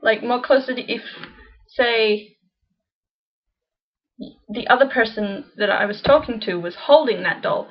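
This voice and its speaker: A woman teaching a casual beginner language lesson, chatty, slowly repeating example phrases. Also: a little high, lo-fi sound.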